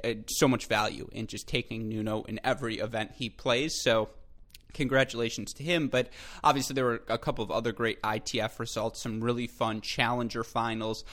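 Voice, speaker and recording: Male solo podcast host, mid-pitched, eager and chatty, direct to listeners, loose self-corrections. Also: steady tone, a little fast, a bit bright. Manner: enthusiastic, chatty, addresses listeners as folks; frequent self-corrections and filler. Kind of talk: solo tennis podcast commentary.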